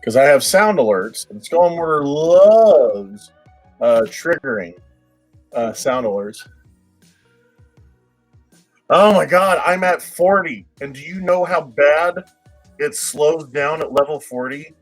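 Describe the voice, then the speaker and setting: A man's voice: a little high, lively intonation, takes it slowly, long pauses, faint music behind, rough recording. A man chatting casually with his livestream viewers, rambling, repeating words and laughing often.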